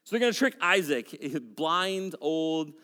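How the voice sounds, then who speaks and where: A man's voice: a little high, animated, measured pace, sharp tone, in a large hall. A man in his forties preaching a sermon, reading scripture with casual, joking asides. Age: 40s. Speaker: pastor.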